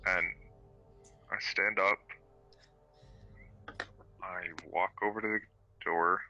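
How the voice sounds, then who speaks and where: Young man player, very low and slow, bright tone, emotional in-character talk. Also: steady tone, muffled recording. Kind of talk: playing a character in a tabletop game.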